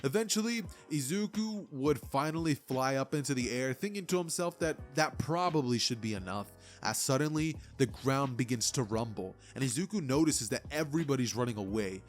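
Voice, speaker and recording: A man's voice: mid-range voice, animated, fairly quick, few pauses, soft background music. A young man casually narrating a fan what-if story, rambling with lots of fillers. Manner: rambling, many fillers like "like" and "you know". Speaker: YouTuber.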